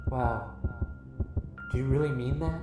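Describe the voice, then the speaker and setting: A man hosting a scripted comedy audio piece, earnest and gently idealistic. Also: mid-range voice, a little slow, over music. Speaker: host.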